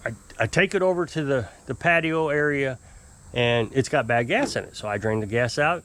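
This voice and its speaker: A man telling a long, exasperated story to camera in a rambling, casual way. He mimics his customers in high, put-on voices. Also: expressive, moderate pace, a bit bright, slight background noise. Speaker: off-grid homesteader fixing small engines.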